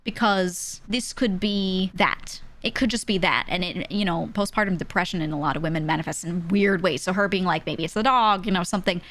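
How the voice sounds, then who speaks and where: A woman's voice: on the low side, fairly quick, hardly any pauses. Chatty young woman telling a story. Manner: animated, laughs often, acts out the people she quotes. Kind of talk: casual storytelling.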